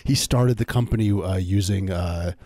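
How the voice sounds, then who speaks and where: Husky low-voiced man, deadpan jokes. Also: normal speed, no room sound, clean studio sound. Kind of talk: casual comedic banter.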